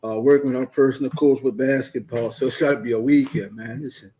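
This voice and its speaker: A middle-aged man co-hosting a sports podcast, talking in a relaxed, easygoing way with slang. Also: mid-range voice, quick pace, low-quality recording. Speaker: podcast co-host. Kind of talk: casual chat over a call.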